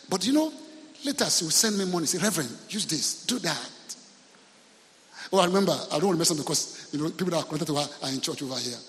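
A Nigerian man preaching to his church, spinning humorous stories and calling out questions to the congregation. His voice sits a little high for a man, and the hall around him rings with a long reverb. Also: fairly bright tone. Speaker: pastor. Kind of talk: sermon.

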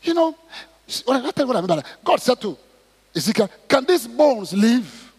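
A middle-aged man preaching a sermon, acting out prayers and Bible stories and rising to shouts. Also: very high voice, sing-song, fast, breathy edge. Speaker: pastor. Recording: long hall reverb.

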